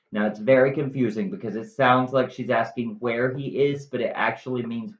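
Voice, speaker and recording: A woman's voice: extremely low pitch, moderate pace. A woman giving a chatty, sarcastic comic summary of a classic play, like a teacher at a whiteboard. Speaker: teacher-style storyteller. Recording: echoey room, slightly dull.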